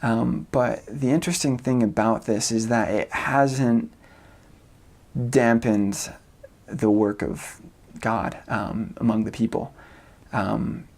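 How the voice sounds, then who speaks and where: A man's voice: medium pitch, takes it slowly, vocal fry. A young American man in his twenties, a returned missionary, giving a casual informational talk with lots of fillers and frequent chuckles. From United States. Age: 20s. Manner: relaxed, many fillers, chuckles often.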